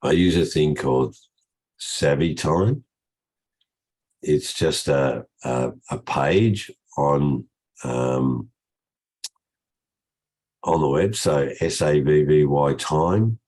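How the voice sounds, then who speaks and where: An older man with a croaky voice from a cold, hosting a casual trading session over a video call, chatty and rambling with frequent restarts. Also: rumbling low, extremely slow, long pauses, a little mellow.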